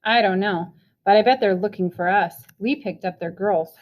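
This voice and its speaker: A woman voicing a scared teenage boy who speaks low, quiet and steady, in a storybook reading. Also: moderate pace, highs cut off, lightly acted.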